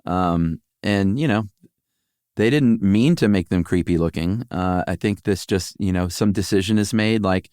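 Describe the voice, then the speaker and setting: A man's voice: measured pace, darkish tone, clean tone, dry recording, studio quality. A middle-aged man co-hosting a podcast, chatting casually and playfully. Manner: playful, sings a jingle in a high voice. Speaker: podcast co-host. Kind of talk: casual chat.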